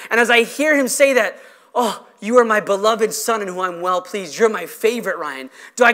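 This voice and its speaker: A male pastor preaching a sermon with impassioned, emphatic delivery, stretching out key phrases slowly. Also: extremely high pitch, bright, forceful tone. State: emotional.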